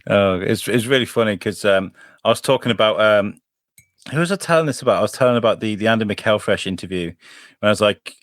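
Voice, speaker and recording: A man's voice: on the low side, quick pace, fairly bright tone, no echo, clean studio sound. An English man co-hosting a podcast, chatting casually and acting out voices as he tells anecdotes, swearing freely. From England. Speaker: podcast co-host. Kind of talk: casual chat, storytelling.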